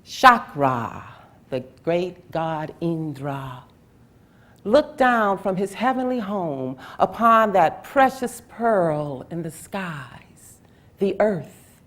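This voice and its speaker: A woman storyteller telling a folk tale in a slow, dramatic way, with long pauses and rhythmic repetition. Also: fairly low pitch. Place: public library event.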